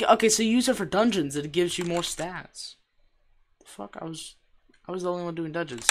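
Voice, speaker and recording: Bright-voiced excitable game streamer. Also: mid-range voice, normal speed, slight background noise. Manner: excitable, laughs often, repeats phrases; jokey, self-deprecating. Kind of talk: live gameplay commentary.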